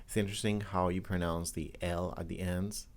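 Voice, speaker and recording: Very deep-voiced animated man. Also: a little fast. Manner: animated, laughs often, hesitant fillers. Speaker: interviewer, English teacher. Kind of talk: casual interview about pronunciation.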